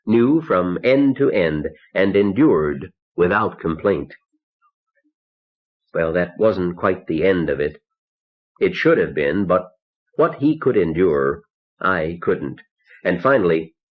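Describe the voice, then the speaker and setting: Deep-voiced man narrating a somber tale. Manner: measured, somber storytelling. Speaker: audiobook narrator. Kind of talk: first-person audiobook narration. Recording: dull lo-fi cassette tape.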